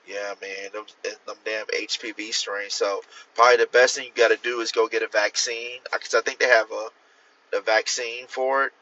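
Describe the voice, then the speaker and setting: Male livestream host, casual and profane, rambling; bright, forceful tone, muffled phone audio. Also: lowish voice, flat delivery, moderate pace, a little hiss or hum. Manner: profane, rambling, talks straight to viewers; answers viewer comments. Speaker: author hosting a livestream.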